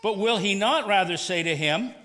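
A man preaching a sermon as pastor, animated and playful, acting out sarcastic voices with quick asides. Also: high-pitched, in a large hall. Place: church sanctuary.

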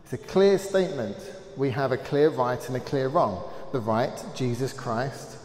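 A man with an English accent leading a Bible study, reading scripture aloud earnestly with frequent pauses and "um"s, recorded in a church hall. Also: mid-range voice, darkish tone. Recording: roomy hall echo with faint ambience.

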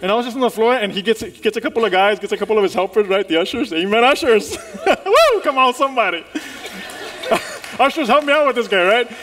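A male pastor preaching to a congregation, his voice sitting a touch high for a man. He tells his story in an animated way, full of restarts and calls to the room. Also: fairly quick. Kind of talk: sermon. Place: church in front of a congregation.

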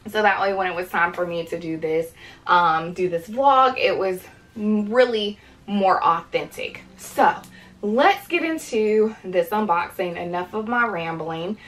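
A young woman in late pregnancy, out of breath and breathy, chatting to viewers in a casual unboxing vlog. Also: mid-range voice, unhurried, fairly bright tone, soft background music, poor audio. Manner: chatty, addresses viewers as "you guys". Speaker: vlogger.

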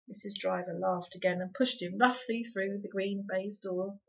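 A woman reading a children's book aloud for a book club, with a lively, dramatic storyteller's delivery. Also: medium pitch, normal speed, hardly any pauses. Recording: dull lo-fi recording.

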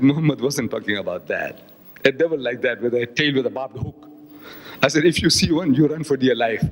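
Older man lecturing impassionedly in a hall. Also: a bit bright. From South Africa. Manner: impassioned, rising to emphatic peaks then dropping low. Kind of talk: public religious lecture. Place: large town hall. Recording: long hall reverb.

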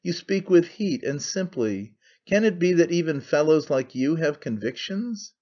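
A man reading an audiobook, voicing a gloomy, intense male idealist who speaks gravely and curtly. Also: a little high, animated, a little slow, a little mellow, highs cut off. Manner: muttering, grave, curt.

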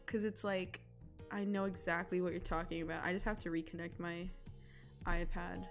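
A woman's voice: lowish voice, level tone, normal speed, music in the background. A young woman chatting casually with her chat while she draws, giggling often and rambling about food. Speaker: illustrator streaming live drawing.

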